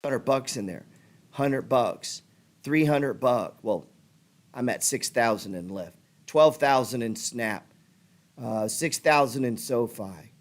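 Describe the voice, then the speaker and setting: A man's voice: mid-range voice, lively intonation, slow pace. A middle-aged man hosting a trading show, ranting in a fired-up, pushy way and swearing freely as he works himself up. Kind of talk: profane motivational rant.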